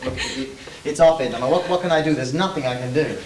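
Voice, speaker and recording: A man's voice: fairly high pitch, fast, reverberant, a crowd in the background, lightly acted. A man playing a hesitant, soothing husband on stage. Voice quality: hesitant, stammering, reassuring. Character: Mel, weary, soothing middle-aged husband. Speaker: stage actor. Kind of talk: amateur stage play. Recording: distant stage sound with audible hiss.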